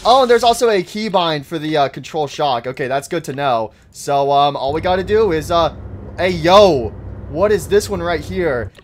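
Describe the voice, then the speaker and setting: A man giving excitable live commentary as he plays a horror game, talking straight to the characters. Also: fairly high pitch, moderate pace. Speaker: gaming YouTuber. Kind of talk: live let's-play commentary.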